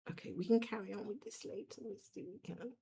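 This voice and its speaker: A woman's voice: medium pitch, fairly quick, dark tone, slightly rough. A middle-aged woman on a home cross-stitch livestream, chatting bluntly and fussing over her cat. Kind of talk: casual chat while stitching. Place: home room.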